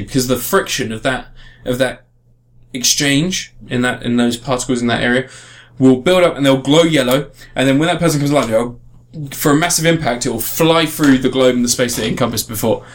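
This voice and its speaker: A man's voice: mid-range voice, quick pace. A man in casual podcast chat, reviewing a game in a rambling way with frequent restarts. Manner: rambling, restarts often, animated emphasis.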